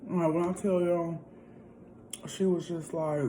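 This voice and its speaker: A woman's voice: on the low side, little pitch movement, unhurried, background noise. A woman vlogger telling a story in a casual, chatty way, often calling out to her viewers directly. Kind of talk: casual storytime while eating.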